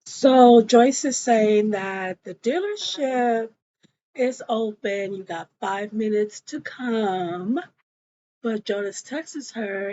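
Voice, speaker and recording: Woman vlogger, animated recap, slow drawl, dull lo-fi mic. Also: a little high, a little hiss or hum. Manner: animated, chatty, addresses viewers as y'all. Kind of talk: casual recap storytelling.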